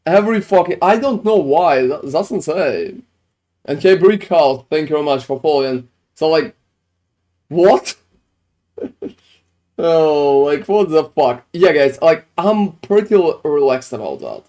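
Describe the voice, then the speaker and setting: Speaking a little slowly, this man has a somewhat high, animated voice with a darkish tone. He chats casually with his stream's viewers while going over their game builds, using non-native phrasing and frequent swearing.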